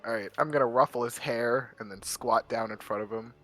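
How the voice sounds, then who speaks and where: A man playing a tabletop game, calmly declaring his character's actions. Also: medium pitch, brisk. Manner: matter-of-fact, declaring actions. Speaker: player. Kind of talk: casual tabletop play.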